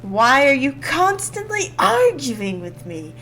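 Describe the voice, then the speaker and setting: A woman voicing a grumpy, impatient male bird judge, reading game dialogue in a gruff, cranky manner. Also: high voice, sing-song, a bit bright, heavily acted. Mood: irritated. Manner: gruff and cranky, quick to anger.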